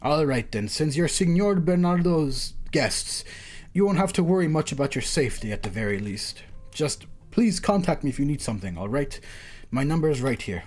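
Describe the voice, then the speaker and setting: A man voicing a stern female city judge in a game story, formal and measured. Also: on the high side, big pitch swings, darkish tone, soft background music.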